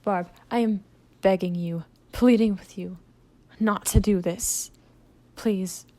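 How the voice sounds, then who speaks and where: A woman's voice: mid-range voice, steady tone, slow, warm tone, no echo, lightly acted. A woman voicing a desperate, pleading male imp boss in a fan audio drama.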